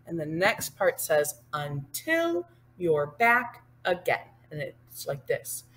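In a step-by-step sign language lesson, a woman with a low-pitched, very animated, slightly bright voice talks through each hand movement. She goes patiently, explaining every sign slowly before singing the line.

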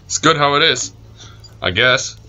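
A man's voice: fairly high pitch, lively intonation, a little slow, bright, forceful tone, highs cut off. A man hosting a let's play, joking and teasing the game's characters as he plays. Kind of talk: casual gameplay commentary.

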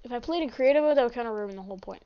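A woman giving casual, excitable gameplay commentary as a channel host, chatty and prone to sudden shouts and apologies. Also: a little high, rapid-fire, smooth, highs cut off.

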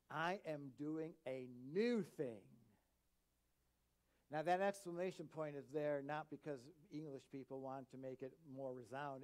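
Animated high-voiced male pastor preaching. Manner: animated, swings between loud emphatic bursts and quiet asides. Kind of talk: sermon. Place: church.

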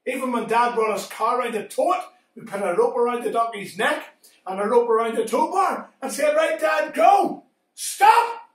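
A man teaching Sunday school, telling a Bible story to children with animated swings between shouts and hushed tones. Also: very high voice, a little fast. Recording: echoey room, far from mic.

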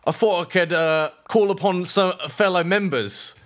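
A man's voice: sits high, normal speed, fairly bright tone. A man asking his friends for help in a game, hesitant and stammering. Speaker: gaming video host. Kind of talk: casual game chat.

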